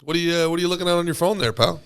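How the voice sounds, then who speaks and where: A man's voice: on the high side, very fast, fairly bright tone, smooth. A man co-hosting a podcast in casual banter, giving mock-grand introductions and teasing his co-host.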